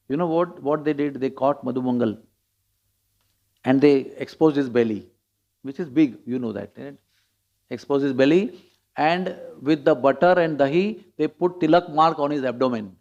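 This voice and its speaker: A man's voice: a little high, moderate pace, pauses often, a little mellow. A man giving a scripture class, telling stories with chuckles and acting out quotes. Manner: storytelling, chuckling, acts out quotes. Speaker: preacher. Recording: dull lo-fi recording.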